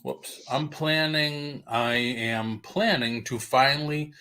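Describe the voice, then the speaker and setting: A man hosts a relaxed morning livestream, trading jokes with a guest and reading viewer comments aloud. His voice sits at an ordinary middle pitch, and he talks in an easy, chatty way. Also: takes it slowly. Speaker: livestream host. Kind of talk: casual chat. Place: home livestream.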